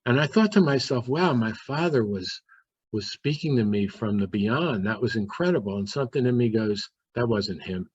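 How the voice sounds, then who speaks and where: A man's voice: medium pitch, animated, normal speed. A man earnestly recounting a personal story, vividly acting out his own inner thoughts as he goes. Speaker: guest. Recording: dull, dry lo-fi recording.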